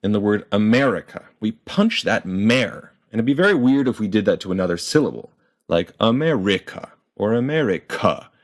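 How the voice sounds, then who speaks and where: A man explaining pronunciation in a clear, methodical lesson and sounding out example words. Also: lowish voice, animated, fast talker. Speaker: language teacher.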